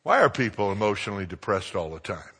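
An older man preaches with a loud, forceful voice that cuts through the room. He tells anecdotes to the congregation, sliding between quiet asides and booming punchlines. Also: fast, breathy edge. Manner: lively anecdotal preaching, swinging from hushed to booming. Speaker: pastor. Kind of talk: sermon storytelling.

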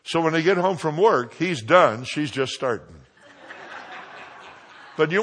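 A man preaching a sermon, joking with his congregation and swinging from quiet asides to loud exclamations. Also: a little high, expressive, unhurried, long pauses.

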